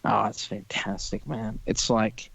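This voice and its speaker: Young man, gravelly voice, profane, opinionated rant, casual podcast chat. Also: lowish voice, little pitch movement, unhurried, a bit bright, dry recording, rough recording. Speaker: podcast co-host.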